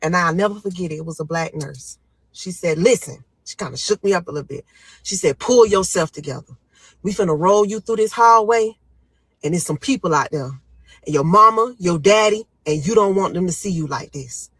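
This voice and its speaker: A woman's voice: lowish voice, fairly quick, slightly rough, no echo, poor audio. A young woman recounting her own story to listeners, dramatic and vivid, acting out her panicked pleas in a raised voice. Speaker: storyteller guest. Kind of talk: emotional first-person storytelling.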